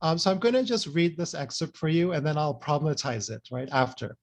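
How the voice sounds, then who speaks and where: A man's voice: fairly high pitch, fairly quick. Man lecturing, full of "right?" tags. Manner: frequent "right?" and "you know" tags; earnest, explanatory. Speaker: presenter. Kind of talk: academic presentation.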